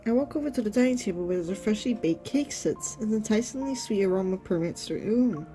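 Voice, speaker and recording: A woman's voice: medium pitch, lively intonation, fairly quick, mellow, faint music behind. A woman streamer reacting to a game, reading its lines aloud and gushing, often exclaiming and trailing off mid-sentence.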